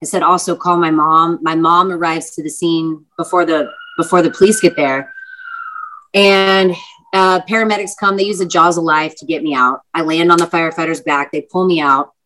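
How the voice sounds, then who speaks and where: A woman's voice: sits low, fairly even intonation, normal speed, a bit bright, rough recording. A young woman, an actress and singer, telling stories in a casual chatty interview, full of fillers and vivid retelling.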